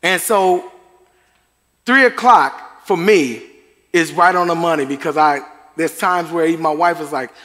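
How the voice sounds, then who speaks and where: A man's voice: a little high, a little slow, fairly bright tone. A middle-aged man preaching a sermon to a congregation, chatty and conversational, with chuckles and asides. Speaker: pastor. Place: church sanctuary. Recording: long hall reverb.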